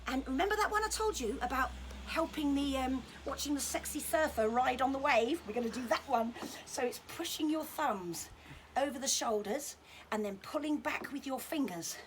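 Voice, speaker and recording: A woman giving a friendly, chatty massage demonstration lesson, gentle in tone and joking now and then. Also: sits high, lively intonation, normal speed, slight background noise. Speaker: children's touch therapist demonstrating massage. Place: indoors at home during lockdown.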